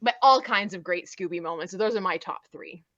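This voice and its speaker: A woman's voice: a little fast, a bit bright, no room sound, dull audio, soft background music. A woman on a fan podcast panel, talking enthusiastically and acting out cartoon lines. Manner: enthusiastic, acts out cartoon lines in higher voices. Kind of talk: casual podcast chat.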